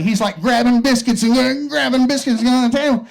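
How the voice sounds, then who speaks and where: A man on stage telling a crude, swear-heavy joke in his first stand-up set. His voice sits high for a man, and he slows down on the punch beats. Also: steady tone, gravelly, poor audio. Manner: profane, storytelling with deliberate pauses. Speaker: stand-up comedian.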